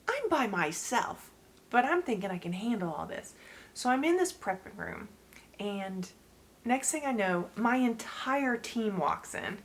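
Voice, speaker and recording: A woman in her forties hosts her own channel, telling her story to camera in a chatty way, laughing often and addressing her viewers directly. Her voice is on the high side, with a little hiss or hum.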